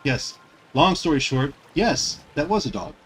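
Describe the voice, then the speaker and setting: A man's voice: a little high, lively intonation, measured pace, soft background music, poor audio. A man who streams games, chatting casually while he plays in a loose, rambling way with lots of fillers. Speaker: gaming streamer. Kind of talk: casual chat while playing.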